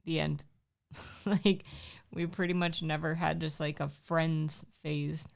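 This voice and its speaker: A woman's voice: deep voice, flat delivery, slow pace, gravelly. A woman in her thirties co-hosting a livestream, chatting casually and defending herself with a laugh. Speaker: livestream co-host. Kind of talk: casual chat.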